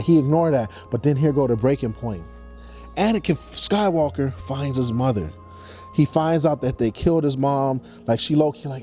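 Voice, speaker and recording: A young man telling a movie story as a comedic rant, slangy and animated, slipping into quick character voices. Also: medium pitch, faint music behind. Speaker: comedy vlogger.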